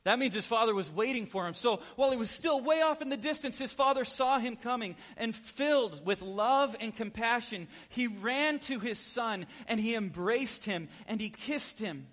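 Male preacher, high-pitched, animated storyteller, reverberant hall. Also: normal speed, hardly any pauses. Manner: animated, asks the listeners questions. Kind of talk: storytelling sermon.

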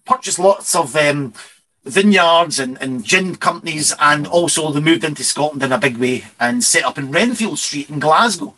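Male whisky host, bright timbre, slightly high, chatty and meandering. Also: lively intonation, moderate pace, low-quality recording. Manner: rambling, self-correcting storyteller. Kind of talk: casual radio chat.

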